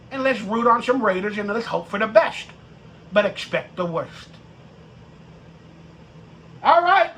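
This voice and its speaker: A man hosting a live-stream fan rant about football, profane and mocking, with bursts of shouting. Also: extremely high pitch. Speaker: sports podcast host.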